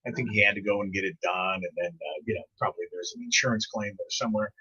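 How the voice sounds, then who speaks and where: A man's voice: on the low side, steady tone, quick pace, sharp tone, breathy edge. A middle-aged man hosting a radio morning show, telling rambling stories in casual on-air banter and chuckling often. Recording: muffled lo-fi live stream audio.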